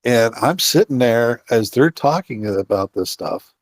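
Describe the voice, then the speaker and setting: A man's voice: medium pitch, animated, measured pace, no echo. A middle-aged man, a guest on an interview, telling a long outdoor story in a rambling way full of fillers and restarts. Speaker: guest, outdoorsman and Bigfoot researcher.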